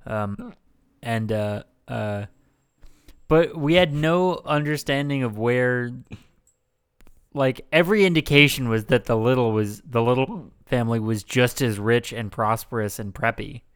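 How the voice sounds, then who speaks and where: A man's voice: medium pitch, measured pace, smooth. A man co-hosting a casual comedy podcast, sarcastic and rambling with lots of fillers, fighting off hiccups. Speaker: podcast co-host.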